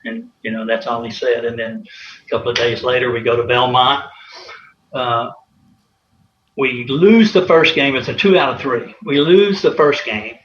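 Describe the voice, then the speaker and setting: A man's voice: medium pitch, normal speed, fairly bright tone. A man, a former college athlete, telling anecdotes in a rambling way with many fillers and chuckles. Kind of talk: casual storytelling interview. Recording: roomy, slightly dull, faint hiss.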